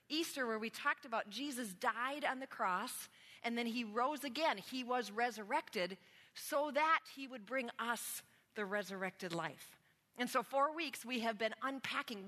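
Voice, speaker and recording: A woman's voice: a little high, bright, forceful tone. Woman pastor preaching in a big hall. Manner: conversational, self-deprecating storytelling. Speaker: spiritual formation pastor. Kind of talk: sermon. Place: church sanctuary. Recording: long reverb of a large hall.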